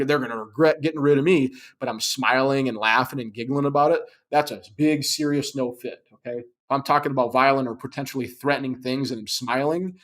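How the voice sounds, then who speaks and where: A man's voice: medium pitch, a bit bright. A man hosting a live show, teaching in an emphatic, conversational way, often checking in with "okay?". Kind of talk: live-stream teaching talk.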